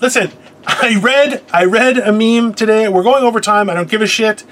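A middle-aged man hosting a casual chat, telling stories in an animated, profane way. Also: sits high, moderate pace. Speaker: podcast host.

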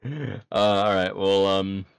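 A man with a smooth, resonant, fairly low voice, playing in a tabletop session. He speaks slowly and haltingly, repeating words while he makes up his mind. The sound is dry and close. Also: fairly even intonation, dry recording. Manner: hesitant, repeats himself while deciding. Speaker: player. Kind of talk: casual tabletop play.

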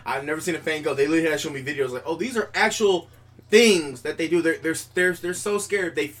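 A man chatting casually as co-host, reacting with laughter and excited asides. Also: a little high, fast. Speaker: podcast co-host. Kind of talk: casual chat.

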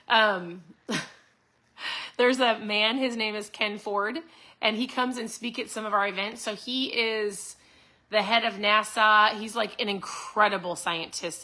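A woman in her forties hosting a casual motivational talk, upbeat and chatty, often tossing in a quick "right?" to her listeners. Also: medium pitch, pushed and bright. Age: 40s. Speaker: host.

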